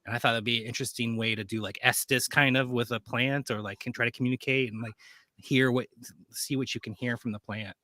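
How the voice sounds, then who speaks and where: A man's voice: mid-range voice, fairly even intonation, a little fast, pushed and bright, no echo. A man talking casually as a guest, rambling with many fillers and restarts. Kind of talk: casual chat.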